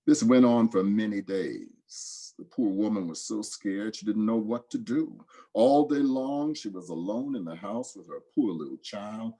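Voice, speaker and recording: A man tells old folk tales aloud with a dramatic, lively delivery. His voice is husky, mellow and warm. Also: fairly low pitch, a little slow. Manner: dramatic, expressive storytelling. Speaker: storyteller.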